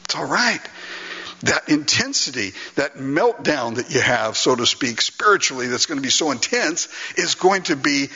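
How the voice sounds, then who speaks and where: Give me a male pastor preaching earnestly with a bright voice, recorded dull and reverberant in a church hall. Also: mid-range voice, big pitch swings, normal speed, hardly any pauses, husky. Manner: earnest and emphatic, with frequent laughter. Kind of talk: sermon.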